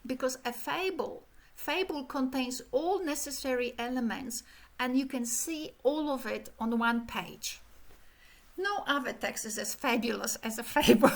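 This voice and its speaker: A middle-aged woman giving an animated academic keynote lecture, illustrating speech rhythm with sung syllables. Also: high voice, a little slow. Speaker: keynote speaker.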